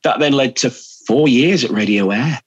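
Brief: middle-aged English man, husky and low, dry close mic, chatty storyteller. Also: normal speed, dry recording, dull audio. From England. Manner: chatty storyteller, animated anecdotes. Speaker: radio presenter, podcast guest. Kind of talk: casual chat.

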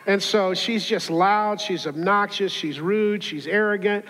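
A man's voice: high voice, normal speed, fairly bright tone. A man preaching a sermon as a pastor, telling a personal anecdote in a conversational, humorous way and acting out the voices in it. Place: church auditorium. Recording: hall reverb.

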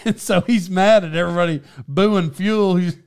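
A man telling a story in casual chat, animated, breaking into loud impressions of an excited fan. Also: high voice, normal speed, clear, resonant tone.

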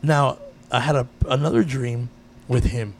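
A man in casual chat, telling a personal story with lively energy and frequent swearing. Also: medium pitch, a little slow, a little hiss or hum. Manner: animated storyteller, swears freely.

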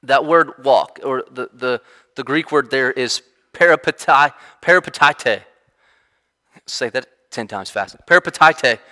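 A man preaching a sermon in an animated, conversational way, often restarting his sentences. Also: mid-range voice, a little slow. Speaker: pastor. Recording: reverberant hall sound.

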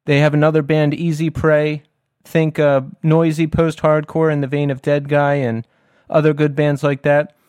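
A man's voice: fairly high pitch, level tone, moderate pace, a little mellow, clean tone, no room sound, clean studio sound. A man hosting a podcast, talking in an upbeat, enthusiastic way. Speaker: podcast host. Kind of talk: casual podcast chat.

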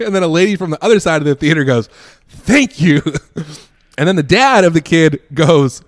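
A man's voice: a little high, expressive, quick pace, no echo, studio quality. A man co-hosting a podcast, telling a story in casual chat and laughing often as he talks. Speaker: podcast co-host.

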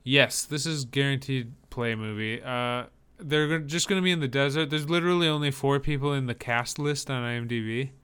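A man co-hosts a casual chat in a bright, forward voice. His talk wanders and hesitates, with a dry sense of humor. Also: medium pitch, steady tone, brisk, hardly any pauses, smooth. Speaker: podcast co-host. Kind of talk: casual chat reacting to movie trailers.

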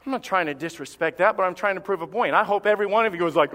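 Male pastor mid-sermon, bright and forceful delivery, dramatic pauses, reverberant sanctuary. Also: high voice. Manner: impassioned, emphatic preaching with dramatic pauses. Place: church sanctuary. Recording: long reverb of a church hall.

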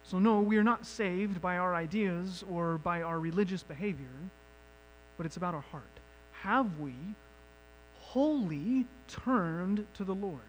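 A man preaching a sermon as pastor, moving from quiet reflection to loud, emphatic questions. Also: high voice, measured pace, a little hiss or hum, low-quality recording.

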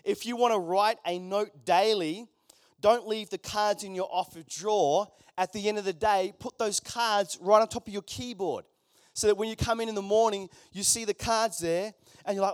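High-pitched pastor guy, dry sound, casual sermon with little jokes thrown in. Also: moderate pace, dry recording. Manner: conversational, joking asides to the congregation.

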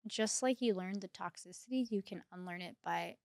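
A woman co-hosting a casual podcast chat, relaxed and affirming, with short agreeing replies. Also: lowish voice, normal speed, no room sound. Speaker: podcast co-host.

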